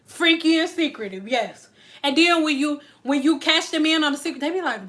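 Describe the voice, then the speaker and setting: A woman's voice: sits high, moderate pace, fairly bright tone. A young adult woman vlogging in a casual, frank and profane way, acting out the people she talks about. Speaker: hair care vlogger. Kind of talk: casual chat to camera.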